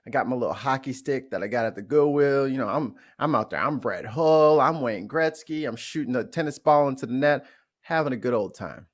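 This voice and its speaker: A man's voice: mid-range voice, brisk. A man from St. Louis, a podcast interview guest, telling stories bluntly and profanely, often restarting his sentences. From St. Louis, USA. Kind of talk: candid storytelling in a podcast interview.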